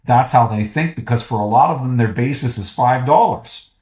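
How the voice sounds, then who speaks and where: A man's voice: medium pitch, normal speed, a little mellow. Emphatic Southern US man in an echoey room. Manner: emphatic and fired up, with a teasing edge. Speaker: podcast guest. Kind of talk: casual podcast conversation.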